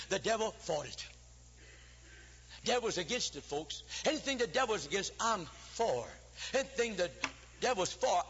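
Lively, bright-voiced man preaching in an echoing church. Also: high-pitched, slightly rough. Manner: folksy, humorous storytelling with chanted preaching cadence. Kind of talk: folksy Baptist sermon. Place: church sanctuary. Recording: lo-fi hall recording with long reverb.

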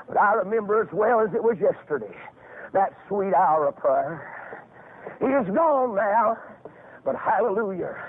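Fervent high-voiced preacher, older man. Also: slightly rough. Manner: fervent, rising into shouts with drawn-out phrases. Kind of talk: revival sermon with storytelling. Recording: phone-like, narrow band.

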